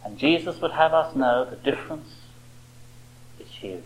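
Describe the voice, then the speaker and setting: A man's voice: a little high, lively intonation, a little slow, low-quality recording. A man preaching a sermon with impassioned rhetorical questions.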